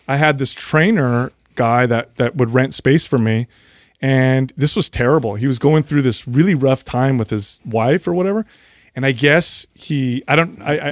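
A man's voice: medium pitch, no echo, studio quality. A man co-hosting a podcast in casual chat, animatedly telling stories and acting out screams and reactions. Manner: animated storyteller who acts out screams and reactions. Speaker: podcast co-host.

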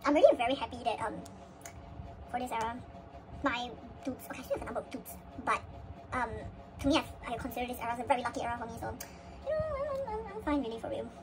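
A woman vlogger chatting casually through an unboxing and breaking into excited high squeals. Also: very fast, noisy background.

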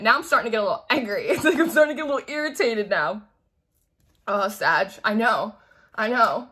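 A woman talks through a tarot reading in a loose, chatty way. She acts out quoted voices and laughs often. Her voice is bright and sits a little high. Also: brisk. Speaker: tarot reader. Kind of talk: casual spoken tarot reading.

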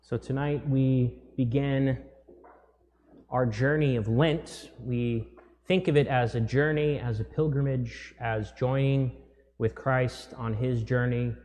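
A rector delivers his sermon in a relaxed, conversational way, pausing now and then with small fillers. His voice sits in a middle register. The sound rings with the long reverb of a church. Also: mid-range voice, a little hiss or hum. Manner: conversational, measured preaching with fillers. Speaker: rector preaching.

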